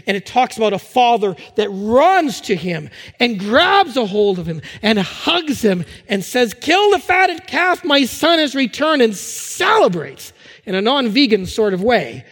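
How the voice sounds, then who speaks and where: A man's voice: high-pitched, big-room sound. A man preaching a sermon as a pastor, talking conversationally and often repeating words as he restarts phrases.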